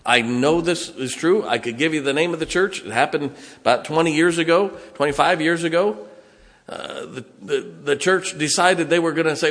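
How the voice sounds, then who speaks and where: Older pastor preaching, folksy storytelling, voice ringing around a church hall. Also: male voice, on the high side, moderate pace, fairly bright tone. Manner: folksy storytelling preacher, plain-spoken with rhetorical questions. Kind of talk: sermon. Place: church sanctuary. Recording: long reverb in a church hall.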